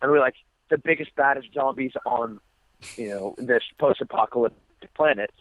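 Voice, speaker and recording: An American man, a guest fighter, talking in a phone interview with frequent ums, stammered restarts and halting phrasing. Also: mid-range voice, dry recording. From United States. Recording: dry tinny phone line.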